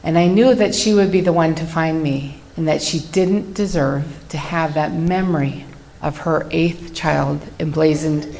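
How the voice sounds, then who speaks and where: Woman w a low voice telling her story to a crowd, earnest, slow n reflective. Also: creaky, darkish tone. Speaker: speaker giving a personal testimony. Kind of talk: personal testimony talk to an audience.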